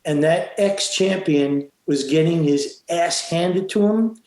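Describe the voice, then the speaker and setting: Man, boxing referee guest, high voice, emphatic storyteller, echoey room. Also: takes it slowly, a little mellow. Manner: emphatic, acts out quotes, frequent restarts. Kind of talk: animated storytelling in an interview.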